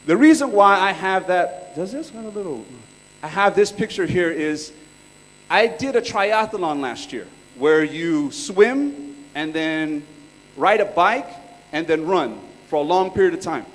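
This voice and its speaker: High-voiced laid-back man in a reverberant hall. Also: lively intonation, measured pace. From California. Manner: laid-back, chatty storytelling with slang. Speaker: workshop speaker. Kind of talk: casual live presentation.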